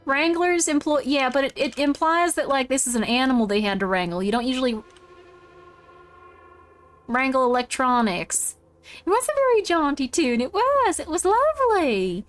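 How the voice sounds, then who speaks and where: A playful woman streamer chatting casually with her viewers during a horror game. Her voice sits high and bright in pitch, loose and chatty. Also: animated, moderate pace, faint music behind. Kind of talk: casual live-stream gameplay chat.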